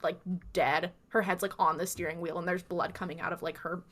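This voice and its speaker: Bright-voiced young woman podcast co-host. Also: on the low side, little pitch movement, brisk. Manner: chatty, recounts scenes by acting out quotes. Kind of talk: casual recap chat.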